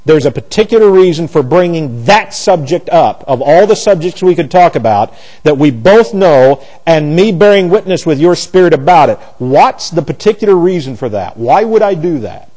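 A man's voice: a little high, expressive, moderate pace, mellow, rough recording. A man teaching a conversational Bible study class, asking rhetorical questions, restarting phrases and slipping into folksy asides.

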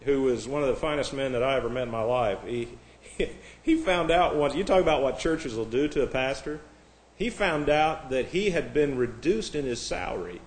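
A man's voice: medium pitch, normal speed. A man preaching a sermon, telling stories and reading out joke lists, chuckling between them. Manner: storytelling, chuckles between jokes; reads lighthearted lists aloud. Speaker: pastor. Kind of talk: humorous sermon.

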